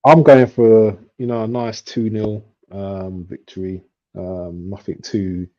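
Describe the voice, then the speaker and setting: Man, low mellow voice, rambling host, lo-fi audio. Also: flat delivery, slow pace. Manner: rambling, full of fillers. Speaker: livestream host. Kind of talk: casual football chat. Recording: dull lo-fi stream audio.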